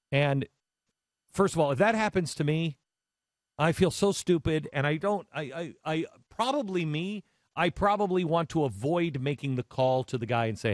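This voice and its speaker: A man hosting a talk radio show, telling a story in a conversational, animated way with many restarts. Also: a little high, moderate pace, no room sound, studio quality.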